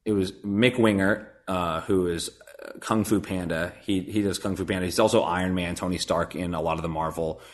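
A man's voice: low voice, fairly even intonation, fairly quick. A man who works as a voice actor, chatting casually on a podcast, rambling and self-deprecating with many fillers and restarts. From Nebraska. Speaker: voice actor guest.

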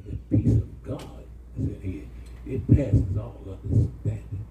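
Gravelly animated preacher man. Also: medium pitch, moderate pace, distant mic, muffled recording, a crowd in the background. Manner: animated preaching with call-and-response. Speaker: pastor. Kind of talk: sermon. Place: church hall. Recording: echoey church room, mic from afar, congregation. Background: congregation responding.

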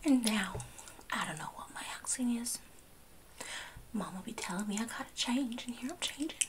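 Woman doing a makeup counter girl, put-on New Jersey accent, whispered role-play, gum chewing, rambling, gushing, fairly high voice. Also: moderate pace, noisy background, lightly acted. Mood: chatty. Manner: rambling, gushing, chews gum while talking.

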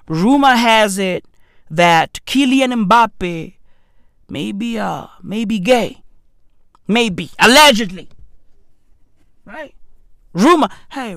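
A man in a rambling, profane rant who keeps asking "right?" and swings between loud outbursts and low mutters. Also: no room sound, studio quality.

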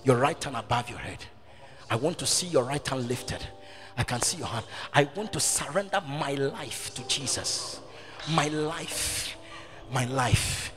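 A man, the pastor, leading a prayer and an altar call in church, swinging from hushed pleading to shouted appeals. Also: mid-range voice, expressive, measured pace, long reverb tail, music in the background. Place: church service with music behind.

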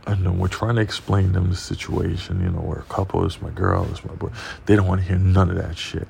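A man hosting a podcast, telling a profane, animated story in casual monologue. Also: low-pitched, brisk, vocal fry, slight background noise. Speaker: podcast host.

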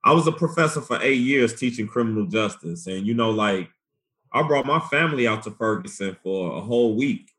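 A man in his forties from Chicago, a guest activist telling his story in an animated, profane, slangy way. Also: on the low side, a little fast. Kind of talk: candid storytelling interview.

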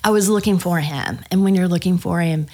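Woman pastor, guest on a podcast; low-pitched, lively storyteller who acts out dialogue. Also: brisk. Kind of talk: podcast conversation, personal storytelling.

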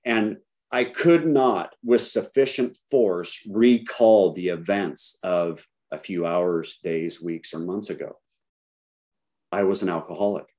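A man's voice: low voice, takes it slowly, a little mellow. A middle-aged man giving a candid personal recovery talk to a group, telling his story with self-deprecating humor. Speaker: recovery speaker.

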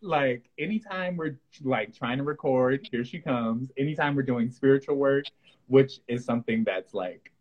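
A man's voice: mid-range voice, normal speed, dull audio. A man co-hosting a podcast, chatting casually about spirituality and acting out his own reactions as he tells stories. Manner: animated storyteller who acts out his own reactions. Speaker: podcast co-host.

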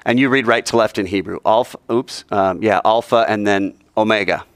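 A man teaching a Bible class, animated and quizzing the class with questions. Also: on the low side, moderate pace, no room sound.

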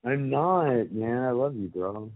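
A man's voice: mid-range voice, lively intonation, takes it slowly, no echo. A man who is a podcast guest on a phone call, talking in a crude, teasing way and swearing a lot. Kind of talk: casual chat on a phone call. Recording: tinny phone line.

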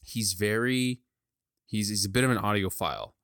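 A man speaking as a podcast guest in a lowish voice, eager and excitable, his words tumbling out in quick bursts. He talks into a studio mic with a pop filter. The sound is dry and close. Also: no echo. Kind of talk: casual chat. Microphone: studio mic with pop filter on a swinging arm.

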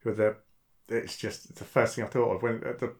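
A man's voice: on the low side, little pitch movement, fairly quick, a little mellow. A man in a casual chat, explaining film details in a thoughtful way.

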